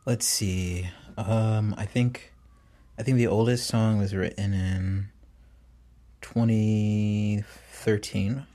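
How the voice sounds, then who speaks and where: Casual interview guy, young, low-ish voice, laughs a lot, lots of "like". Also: steady tone, takes it slowly, warm tone. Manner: loose and laughing, lots of fillers. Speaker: musician guest.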